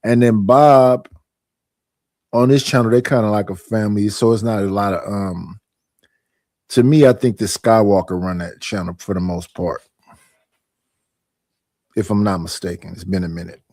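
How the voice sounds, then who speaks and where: A man's voice: on the low side, fairly even intonation, moderate pace, pauses often, darkish tone, no room sound, clean studio sound. A man in casual stream chat, rambling about other channels.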